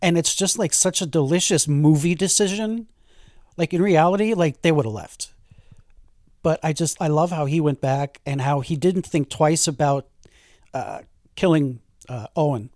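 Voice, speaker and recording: A man's voice: on the high side, normal speed, darkish tone, no echo, studio quality. A man co-hosting a horror podcast, talking in a laid-back, wry way. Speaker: podcast co-host. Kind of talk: casual chat.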